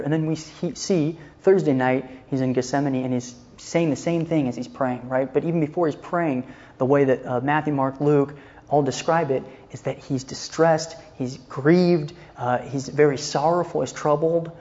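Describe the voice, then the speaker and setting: A man's voice: a little high, normal speed. Chatty man teaching a church class, lo-fi. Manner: relaxed and chatty, checks in with "okay?" often; retells scripture scenes in everyday speech. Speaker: Christian counseling teacher.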